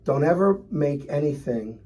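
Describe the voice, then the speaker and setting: A middle-aged man tells stories with animation. His voice sits a little high for a man, and he talks casually as a guest, acting out the people in his stories. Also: lively intonation, normal speed, dark tone. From Philadelphia. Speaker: restaurant owner, guest. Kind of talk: storytelling in a casual interview.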